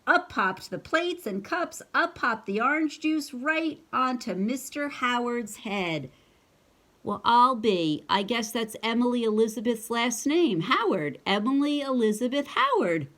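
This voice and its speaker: A woman's voice: fairly high pitch, lively intonation, measured pace, a bit bright. A woman reading a picture book aloud to her child, breaking off for chatty asides and playful hiccup noises. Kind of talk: casual storybook read-aloud.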